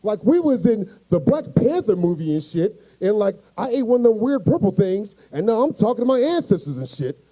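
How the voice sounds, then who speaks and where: Animated, profane male stand-up comic. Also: high voice, a little fast, hardly any pauses, rough recording. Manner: animated, profane, acts out voices. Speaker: stand-up comedian. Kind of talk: stand-up comedy storytelling.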